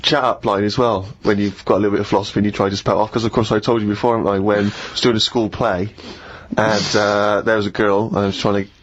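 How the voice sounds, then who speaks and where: A man's voice: on the low side, flat delivery, fast, few pauses, a little hiss or hum. A man co-hosting a casual comedy podcast, rambling through anecdotes and laughing often. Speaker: co-host. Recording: dull lo-fi podcast audio.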